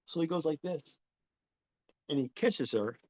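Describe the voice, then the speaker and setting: A podcast host gives a rambling, casual recap of a film's plot, full of fillers and swearing. His fairly high voice is expressive and a little slow, and the recording is dull and lo-fi.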